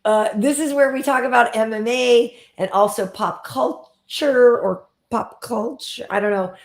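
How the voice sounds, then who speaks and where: A woman's voice: fairly high pitch, a little slow. A woman hosting a casual chat show, laid-back, reading out viewer comments. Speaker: host. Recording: echoey room.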